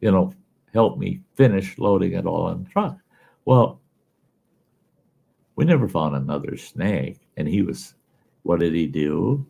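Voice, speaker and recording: Guy telling a funny story, gravelly and dark voice, real folksy. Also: low voice. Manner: folksy, animated yarn-spinning. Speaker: show host. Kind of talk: casual storytelling.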